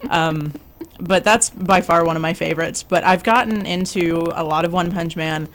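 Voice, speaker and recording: A woman's voice: on the low side, fairly even intonation, normal speed, slight background noise. A young woman co-hosting a casual chat, hesitant and full of fillers. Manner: stammering with many fillers. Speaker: podcast co-host.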